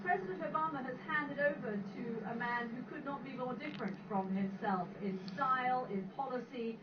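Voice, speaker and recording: A woman presenting a news special in a measured, formal broadcast style. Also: high voice, distant mic. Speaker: news anchor. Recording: TV audio played in an echoey room, heard from afar, dull and noisy.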